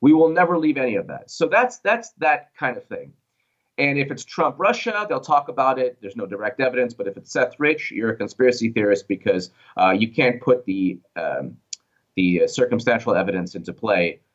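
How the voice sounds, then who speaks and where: A man's voice: mid-range voice, animated, moderate pace, fairly bright tone. Emphatic male political commentator, lo-fi audio. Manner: emphatic, opinionated, repeats words. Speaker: show host or guest commentator. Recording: dull lo-fi audio.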